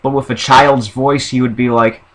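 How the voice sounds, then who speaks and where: A man's voice: medium pitch, level tone, moderate pace, a bit bright, poor audio. Casual man rambling through ideas. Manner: rambling, with fillers and restarts. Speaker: vlogger. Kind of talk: casual monologue listing ideas.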